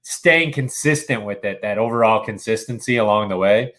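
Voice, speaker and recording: A man's voice: on the low side, moderate pace, fairly bright tone. A man in casual podcast chat, explaining with enthusiasm, many restarts, and frequent use of "dude". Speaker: podcast co-host.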